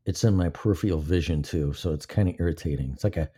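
A man's voice: sits low, fast talker, dark tone, husky. A man hosting a live-stream show in casual, rambling, profane talk, with his mic off to the side of his mouth. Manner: rambling and profane, killing time. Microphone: mic placed to the side of his mouth.

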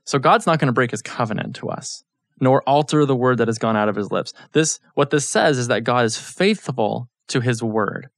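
A man in his thirties talks through a faith lesson in a relaxed, conversational way. He tells stories and keeps checking that listeners are following. His voice sits at an everyday middle pitch, recorded dry and close. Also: normal speed, no room sound. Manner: conversational, storytelling, frequent check-ins with listeners. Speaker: Bible teacher. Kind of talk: casual teaching talk.

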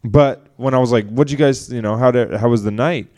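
A man's voice: medium pitch, fairly quick. Young man telling a rambling story. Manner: rambling, animated retelling with quoted voices. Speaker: podcast co-host. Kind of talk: casual storytelling chat.

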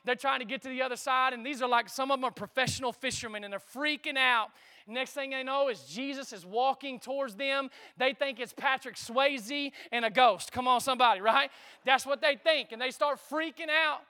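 A man preaching a sermon in a lively, conversational way, calling out to the congregation. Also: extremely high pitch, fairly quick, clear, resonant tone. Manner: lively preaching with call-and-response asides. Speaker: pastor.

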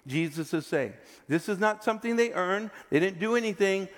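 A man preaching a sermon with emphatic delivery that often sinks to a quiet, intense tone. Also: high voice, animated, moderate pace. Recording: long hall reverb.

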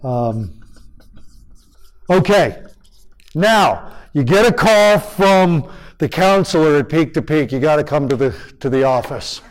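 A man presenting a parenting workshop live, his voice sitting a little on the high side. He talks animatedly and acts out the way a parent speaks to a child, then turns to the room for answers. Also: animated, takes it slowly, pauses often, low-quality recording. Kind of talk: live talk to an audience.

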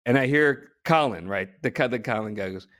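A man from New Jersey spins a long, lively anecdote, often stumbling over restarts and breaking into laughter. His voice sits at an ordinary middle pitch. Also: normal speed. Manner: animated, frequent restarts and laughter. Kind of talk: casual storytelling.

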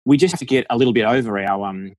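A man's voice: mid-range voice, rapid-fire, no echo. A man with an Australian accent talking as a deacon guest in a frank, jokey podcast chat, laughing often. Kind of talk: casual podcast conversation.

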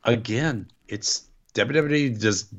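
A man's voice: mid-range voice, slow. A man co-hosting a casual wrestling chat, blunt and grumbling, cursing now and then. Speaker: wrestling podcast co-host.

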